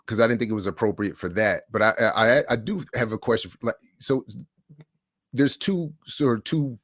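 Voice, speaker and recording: A middle-aged man hosting a livestream, telling stories in a casual monologue with animated swings between hushed and loud. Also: medium pitch, moderate pace, no room sound, studio quality. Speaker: livestream host.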